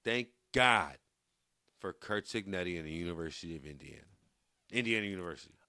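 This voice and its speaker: A man hosting a sports podcast, chatting casually in an energetic, emphatic way that gets louder when he is riled up. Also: low-pitched, fairly quick, no echo, clean studio sound. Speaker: sports radio podcast host.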